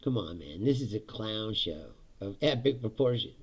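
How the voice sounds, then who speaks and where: A man's voice: lowish voice, lively intonation, normal speed, husky. A man doing a casual political rant, sarcastic and profane, laughing often between points. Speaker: political commentary host.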